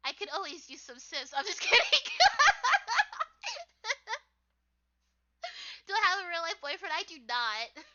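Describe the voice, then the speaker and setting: A young woman with a squeaky, high voice chats on a casual livestream, rambling and filling her talk with "like" and laughter. Her tone is sharply bright. The recording sounds dull and lo-fi. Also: animated, quick pace. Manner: rambling, full of "like", laughs often. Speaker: artist streaming her drawing work.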